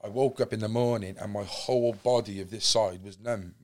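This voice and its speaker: A young Welsh man with a Cardiff accent recounts his past on a podcast, his voice sitting low. He rambles and restarts often, piling up fillers as he tells his story. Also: fairly even intonation, fairly quick. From Wales. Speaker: podcast guest. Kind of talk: candid storytelling.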